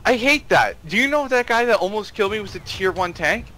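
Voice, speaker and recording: A man joining casual gameplay commentary with a friend, joking and teasing with a drawn-out delivery. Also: high voice, animated, sharp tone, slight background noise, poor audio. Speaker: gaming co-host.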